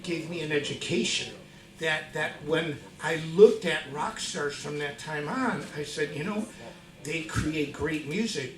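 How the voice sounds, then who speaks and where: Middle-aged male guitarist, slow-talking onstage storyteller, excitable, echoey live-concert sound. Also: a little high. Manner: excitable, shouts punchlines, laughs through stories. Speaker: guitarist telling a story on stage. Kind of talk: animated stage storytelling. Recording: echoey concert hall, mic far off.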